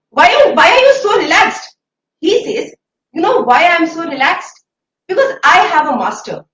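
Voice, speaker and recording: A woman hosts a live online conference. Her voice is very high and swings up and down with energy. She sounds set back from the mic in a roomy, echoing space. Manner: energetic, addresses audience as ladies and gentlemen. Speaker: event host. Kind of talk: live-stream conference hosting. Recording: echoey room, distant mic.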